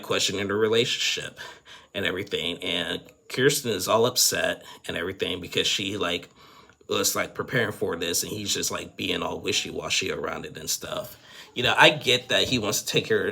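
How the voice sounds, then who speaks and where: A man's voice: low-pitched, moderate pace, creaky, pushed and bright. A man casually recapping a reality show, rambling with lots of fillers and giving frank opinions.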